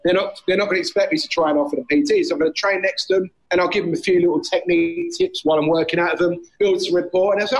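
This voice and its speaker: Animated man, slightly high voice. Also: rapid-fire, few pauses, poor audio. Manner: animated storyteller, acts out gym banter. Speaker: guest, personal trainer and gym owner. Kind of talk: casual podcast chat. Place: outdoors on a street. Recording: faint street noise behind.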